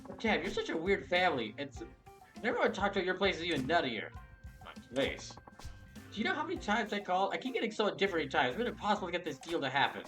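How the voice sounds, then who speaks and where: A man's voice: high-pitched, very animated, a bit bright, far from the mic, soft background music, pitched above the performer's own voice. A man voicing a rude, odd young woman on a phone line who is brash and indignant. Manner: brash, indignant, quick to cuss.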